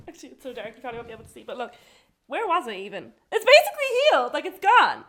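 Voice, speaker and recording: A woman's voice: a little high, huge pitch swings, fast, fairly bright tone. A young English woman co-hosting a podcast, telling a travel story in a chatty way, swearing casually and laughing often. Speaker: podcast co-host.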